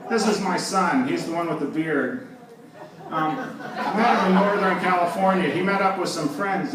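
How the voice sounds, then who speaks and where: A man giving a stage talk, telling wry anecdotes with frequent laughs. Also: on the high side. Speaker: presenter. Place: live event hall with audience. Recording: roomy, distant, with background noise.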